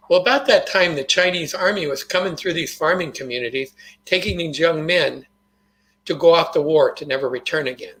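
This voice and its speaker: A man's voice: a little high, fairly quick, fairly bright tone, rough recording. An older man, a guest on an interview show, telling a personal story in an earnest, folksy way. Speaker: guest, motivational author.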